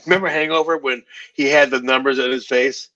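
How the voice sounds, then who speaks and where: A man's voice: medium pitch, fairly even intonation, brisk, pushed and bright, dry recording. A man in his fifties co-hosting a live stream, bantering in a laid-back, slangy way. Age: 50s. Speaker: co-host. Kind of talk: casual chat. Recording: dull, distant remote stream audio.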